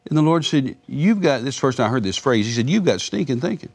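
An older man in his seventies, with a gravelly, creaky voice at an ordinary middle pitch, tells his faith testimony to an interviewer. He talks earnestly, repeats phrases, and acts out the dialogue he quotes. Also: sing-song, quick pace, darkish tone. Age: 70s. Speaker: guest, former missionary. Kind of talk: storytelling testimony in a Christian interview.

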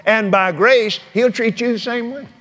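A man's voice: extremely high pitch, moderate pace, a bit bright. A man preaching a sermon, telling folksy stories and urging his listeners with fervor. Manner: folksy storytelling preacher, fervent.

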